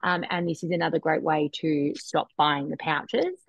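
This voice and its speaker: Woman hosting a home cooking class, low-ish voice, chatty and upbeat, dry lo-fi mic. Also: steady tone, moderate pace, gravelly, dry recording. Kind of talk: live online cooking demo. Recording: dry, dull lo-fi sound.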